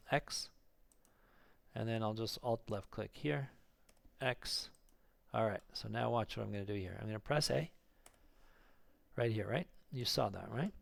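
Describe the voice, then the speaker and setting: A man teaching 3D modelling in a screen-recorded tutorial, thinking aloud, counting clicks under his breath and getting excited at the results. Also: medium pitch, vocal fry, no room sound. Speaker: 3D modelling instructor.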